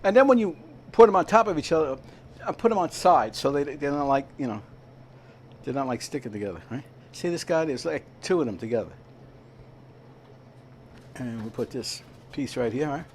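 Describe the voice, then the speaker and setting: A man's voice: medium pitch, lively intonation, normal speed, long pauses, a little hiss or hum. A man hosting a casual home cooking demonstration in a kitchen, talking in a rambling way and checking in with "all right?" as he goes. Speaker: home cooking show host. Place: kitchen at a veterans' hall.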